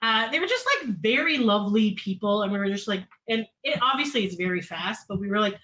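A woman's voice: animated, a little fast, sharp tone, poor audio. A woman from Canada, co-hosting a podcast and telling a story in a chatty way, with lots of fillers. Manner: chatty, many fillers, acts out other people's lines in higher voices. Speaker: podcast co-host. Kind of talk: casual chat, telling a story.

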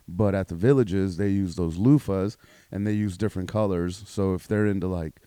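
Low, mellow-voiced man swearing bluntly. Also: normal speed, no room sound. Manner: profane, blunt, laughs often. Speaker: podcast co-host. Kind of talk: crude casual chat.

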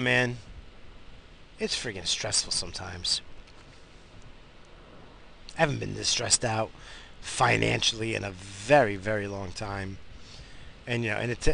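Gravelly, tired man rambling in car. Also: on the low side, fairly bright tone, a little hiss or hum. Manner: rambling, with frequent restarts and fillers. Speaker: podcast host. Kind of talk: casual rambling monologue. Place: in a car, driving.

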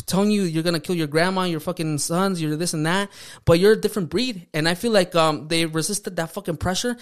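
Guy w/ a high voice, casual podcast chat, cusses constantly, street slang. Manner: heavy swearing, slangy, drops "fool" and Spanish words. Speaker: podcast co-host.

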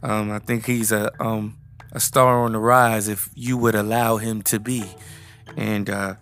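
A man talking through his take on a film in an even, flat voice that barely rises or falls. He keeps stopping to restart his sentences. Faint music plays behind him. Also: on the low side, measured pace. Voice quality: flat, rambling with many restarts. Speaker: film reviewer. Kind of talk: casual movie review chat.

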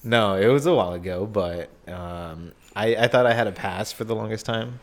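A man's voice: fairly low pitch, moderate pace. A young man in casual chat, laid-back and rambling, poking fun at himself.

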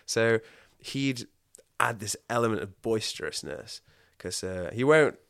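A man chatting casually as a guest, telling stories in an animated way and often breaking into laughter. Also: on the low side, unhurried, creaky, dry recording, studio quality. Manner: animated, laughing, acts out quotes. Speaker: podcast guest. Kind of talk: casual storytelling chat.

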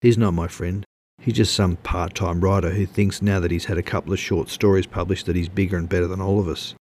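A man's voice: low-pitched, fairly even intonation, a little fast, a little mellow, a little hiss or hum, close to an everyday voice. A man voicing a nervous homeowner who speaks in an uneasy, placating way. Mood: calm. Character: nervous middle-aged man, wary homeowner.

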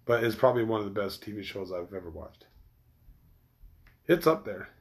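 A man's voice: on the low side, moderate pace. A man chatting casually to his viewers, rambling, swearing freely and restarting his sentences often. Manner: rambling, loose and profane, with many restarts. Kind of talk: casual chat.

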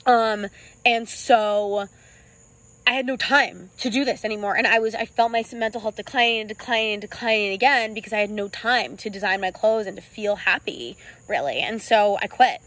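Young woman, personal vlog story, earnest, halting, full of ums, near tears, medium pitch. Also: fairly bright tone, low-quality recording. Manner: frequent ums and restarts. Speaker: clothing brand founder.

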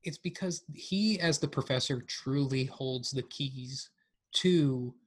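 A man's voice: medium pitch, takes it slowly, husky. A man co-hosting a casual film review podcast, blunt and profane with a joking edge. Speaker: podcast co-host.

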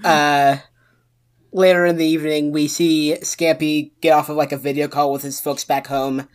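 A woman playing in a tabletop game. Her voice sits very low for a woman. She speaks hesitantly, with frequent "uh" pauses. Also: flat delivery. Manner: hesitant, filler-heavy. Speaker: player.

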